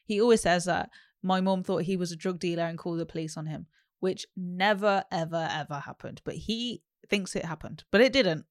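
A woman's voice: fairly low pitch, brisk, no room sound. A young woman, co-hosting a casual chat with dry, wry reactions. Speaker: podcast co-host.

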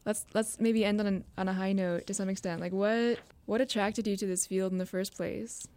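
A woman's voice: medium pitch, steady tone, moderate pace, a little mellow, no echo. A woman interviewing a guest, asking probing questions and giving short affirmations. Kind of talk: conversational interview.

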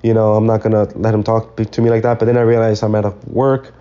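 A man's voice: lowish voice, flat delivery, quick pace, mellow, highs cut off. A young man hosting a podcast alone, telling a story in a rambling, casual way and swearing freely. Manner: rambling, swears freely, loose slangy talk. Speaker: podcast host.

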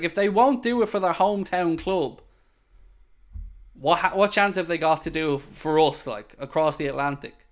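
A man's voice: a little high, a bit bright. A man hosting a casual live-stream podcast, answering viewer comments bluntly and swearing when worked up.

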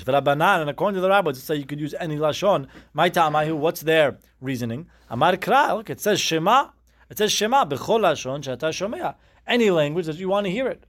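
Man teaching a Talmud class. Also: on the high side. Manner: chanting Aramaic phrases then explaining them in English.

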